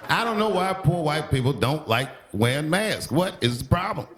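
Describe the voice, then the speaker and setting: A male stand-up comedian doing a monologue. He swings between deadpan and sharp outbursts. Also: fairly high pitch, moderate pace, noisy background. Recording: TV broadcast with live audience laughter. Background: studio audience laughing.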